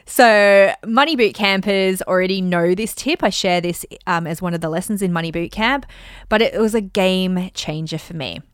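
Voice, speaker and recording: A woman hosting a casual talk on money mindset, chatty and animated, acting out bits of dialogue. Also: lowish voice, normal speed, clean tone, dry recording, clean studio sound. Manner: chatty and animated, acts out dialogue in bright voices. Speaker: host and money mindset coach. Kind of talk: casual teaching monologue.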